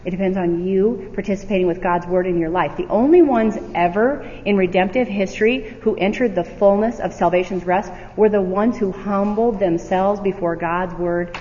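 A woman with a lowish, dark-toned voice leads a Bible study, reading verses aloud and earnestly posing rhetorical questions. The recording has a little hiss or hum and sounds dull, with long hall reverb.

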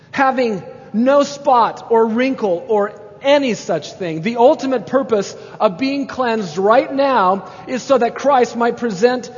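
A man with a high voice preaches a sermon, pressing each point with emphasis. His voice rings through a long hall reverb. The recording sounds somewhat dull. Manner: emphatic preaching, rising to exclamations. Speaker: pastor.

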